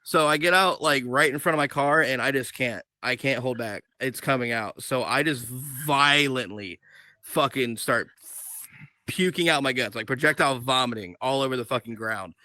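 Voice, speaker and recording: Young man, bright voice, profane animated storytelling, dry close mic, podcast chat. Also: mid-range voice, moderate pace, dry recording. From Ohio. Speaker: podcast co-host.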